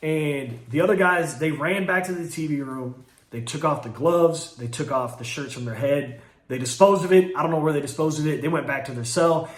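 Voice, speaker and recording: A man casually telling a first-person story in an animated way, acting out what people said and swearing freely. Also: on the high side, normal speed. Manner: animated, acts out quoted speech, swearing, fillers like "like". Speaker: host telling his own story. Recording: roomy echo.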